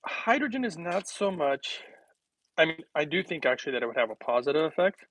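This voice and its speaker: A man's voice: a little high, very animated, brisk, a bit bright, dry recording, low-quality recording. Rambling, joking man on a kitchen livestream. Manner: rambling, joking, laughs often, talks to viewers. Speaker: health livestream host. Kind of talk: casual livestream chat.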